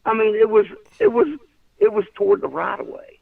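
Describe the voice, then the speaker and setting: A man's voice: high voice, wildly swooping pitch, brisk, gravelly, husky, dry recording, distant mic. A man calling in to tell a story in casual chat, rambling with restarts and laughing often. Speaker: caller. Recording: tinny phone line.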